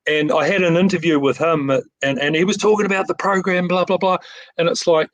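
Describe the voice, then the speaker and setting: A man's voice: on the high side, a little fast, dry recording, poor audio. A middle-aged man from New Zealand with a New Zealand accent, a picture framing shop owner talking keenly in a casual interview, full of restarts and repeated words.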